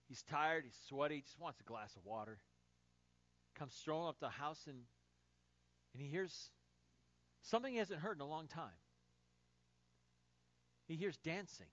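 A male pastor delivering a sermon, swinging from loud emphasis to hushed, quiet phrases. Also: fairly high pitch, no room sound, lo-fi sound.

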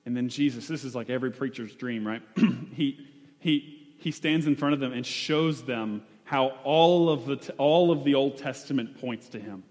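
Preacher echoing through a hall. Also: male voice, medium pitch, normal speed, a little mellow. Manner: conversational, with frequent fillers and restarts. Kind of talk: sermon. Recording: long hall reverb.

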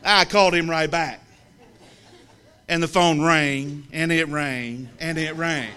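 A man from the American South, telling a humorous story to an audience in a lively, teasing way with comic pauses. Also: a little high, clean tone. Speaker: speaker telling a story about a friend.

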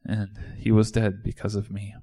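This man's voice is lowish, mellow, and monotone, at normal speed. He performs a first-person monologue as a disciple in a church service, telling the story with passion and indignation.

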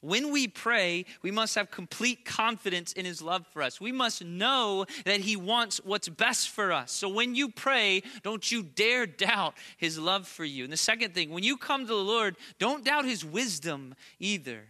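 Bright, high-voiced male preacher. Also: animated, measured pace, few pauses. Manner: conversational and emphatic, with playful asides. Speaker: pastor. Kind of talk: sermon.

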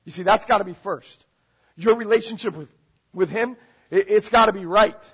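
Husky-voiced preacher, high and impassioned. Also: male voice, moderate pace, low-quality recording. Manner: swings from loud urgent preaching to hushed intensity. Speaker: pastor. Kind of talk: sermon. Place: church.

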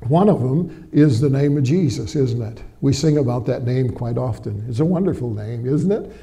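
Mellow-voiced preacher chatting with his congregation. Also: mid-range voice, expressive, normal speed, gravelly. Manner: folksy, warm storytelling with frequent amens and tag questions to the congregation. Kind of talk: sermon. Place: church before a live congregation.

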